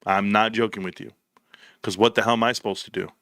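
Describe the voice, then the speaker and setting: A fast-talking middle-aged man with a voice on the low side hosts a relaxed livestream chat. Blunt and animated, he tells stories in slang, heard in a dry, studio-quality recording.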